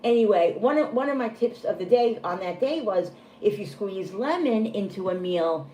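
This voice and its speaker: A woman's voice: mid-range voice, animated, normal speed, warm tone. Rambling middle-aged woman in an echoey room. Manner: rambling, self-deprecating, full of restarts, greets viewers by name. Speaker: livestream host. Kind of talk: casual livestream chat. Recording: echoey room with faint room noise.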